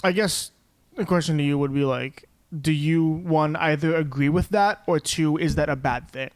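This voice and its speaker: A man's voice: fairly high pitch, moderate pace, dry recording. A young man co-hosting a podcast who chats in a rambling, joking way. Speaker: podcast co-host. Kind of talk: casual podcast chat.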